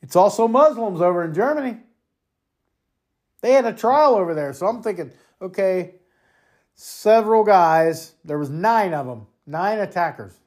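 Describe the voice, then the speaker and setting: A host from the United States launches into an angry political monologue, swearing freely and hammering each point. The talk runs hot, with stumbles and repeated words as the speaker gets worked up. The pitch sits in a middle register. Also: animated, normal speed, darkish tone. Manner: angry, profane, heated ranting. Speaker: podcast host.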